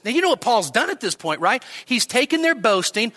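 Lively high-voiced male preacher. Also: a little fast. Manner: lively expository preaching with rhetorical questions. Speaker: pastor. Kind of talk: sermon. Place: church midweek service.

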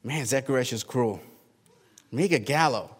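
A male pastor preaching a sermon, reading scripture aloud and retelling the story in lively, colloquial asides. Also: mid-range voice, a little slow, husky, big-room sound. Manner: animated, colloquial Bible storytelling.

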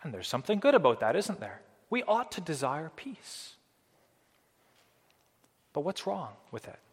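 A man's voice: on the high side, very animated, a little slow, breathy edge, in a large hall. A man pastor delivering an earnest sermon, his voice rising and falling with emphasis as he explains scripture.

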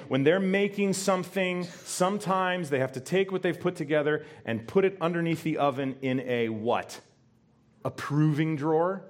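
A male pastor preaching in church, his voice climbing on key words to drive the point home. He talks straight to the congregation with questions, in an animated, emphatic delivery. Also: mid-range voice. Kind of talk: sermon.

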